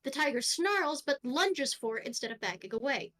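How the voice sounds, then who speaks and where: A woman's voice: sits high, big pitch swings, moderate pace, few pauses, a bit bright. A woman narrating a tabletop game as game master, in a casual, offhand way with the odd swear.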